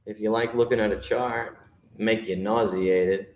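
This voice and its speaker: A man's voice: lowish voice, fairly even intonation, a little slow, darkish tone, roomy sound. A man from New York hosting a live trading stream, griping and swearing as he talks to his chat. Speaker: livestream trader host.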